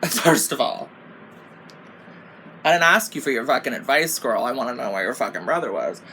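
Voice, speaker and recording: A woman's voice: extremely low pitch, lively intonation, moderate pace, pushed and bright, slight background noise. A young woman telling a storytime while doing her makeup, casual and exasperated, swearing constantly and saying "like" a lot. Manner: profane, exasperated and rambling, lots of "like". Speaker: beauty vlogger.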